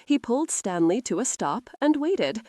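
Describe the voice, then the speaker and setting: A woman reading a romance audiobook in an expressive, scripted narration. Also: a little high, moderate pace, no echo, clean studio sound.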